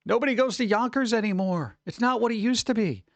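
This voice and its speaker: A man chatting casually on a live stream, reading chat and reacting with quick exclamations. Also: high voice, no room sound.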